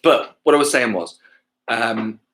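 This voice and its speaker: A man's voice: medium pitch, measured pace, fairly bright tone. A man from England, a touring musician, chatting casually to livestream viewers between songs, rambling and losing his thread, with casual swearing and self-mocking jokes. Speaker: musician hosting a livestream gig.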